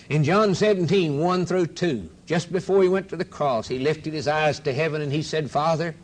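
A man preaching a fervent sermon, rhythmic and repetitive, swinging from loud declarations to hushed quoted scripture. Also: a little high, moderate pace.

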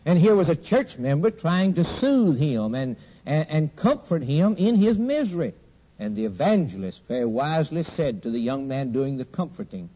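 A man preaching a fervent sermon, rising to loud exhortation and dropping to low, hushed tones. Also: sing-song, moderate pace, slightly rough.

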